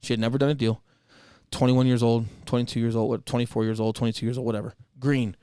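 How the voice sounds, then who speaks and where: A man's voice: medium pitch, flat delivery, fast talker, mellow, smooth, dry recording, clean studio sound. A man and former Marine co-hosting a podcast, talking casually in a blunt, direct way and swearing freely. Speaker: podcast co-host.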